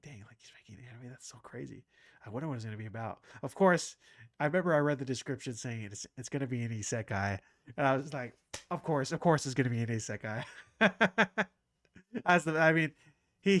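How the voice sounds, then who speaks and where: Hosting an anime reaction channel, a man with a lowish voice rambles casually to his viewers, restarting sentences and getting visibly excited like a fan. The recording is dry and close, with no room sound.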